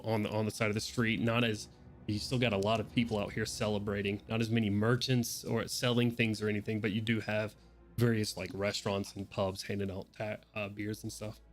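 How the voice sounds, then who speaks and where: A man describes a tabletop game world as its dungeon master, loose and conversational, swearing now and then. His voice sits low. Faint music plays behind him. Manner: casual, rambling, swearing.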